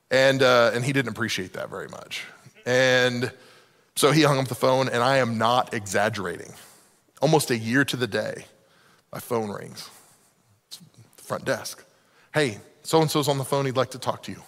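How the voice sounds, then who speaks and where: A man teaching a leadership class to a live group, telling stories in an animated way and acting out the voices of the people he quotes. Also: medium pitch. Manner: animated, acts out quoted voices, self-deprecating. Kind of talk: storytelling talk to a live group. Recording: long reverb of a hall.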